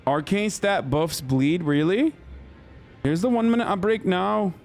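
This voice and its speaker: A man's voice: sits high, a little slow, darkish tone. A male streamer giving loose, profane, joking commentary while playing a game live. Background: faint game music.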